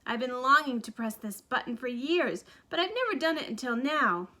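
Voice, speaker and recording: Woman reader doing eccentric candy man, high and bright, gushing storybook delight. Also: lively intonation, moderate pace. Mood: gleeful. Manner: gushing, exclamatory, theatrical. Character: excitable eccentric male candy factory owner.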